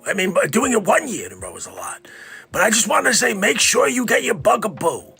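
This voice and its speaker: A man's voice: high-pitched, sing-song, a little fast, vocal fry, bright, forceful tone, faint music behind, full character voice. A man mimicking a fussy older health official. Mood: emphatic. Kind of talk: comedic impression.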